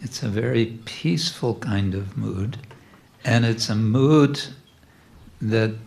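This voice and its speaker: Slow, halting man teaching a devotional class. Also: lowish voice, vocal fry. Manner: halting, gently humorous, many fillers. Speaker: guest speaker giving a spiritual class. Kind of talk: devotional class on religious paintings.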